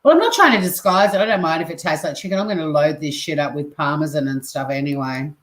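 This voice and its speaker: Australian woman, low-set voice, easy chat as she cooks and reads comments. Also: expressive, quick pace. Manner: chatty, reads out viewer comments. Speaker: cooking stream host. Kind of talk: casual chat while cooking.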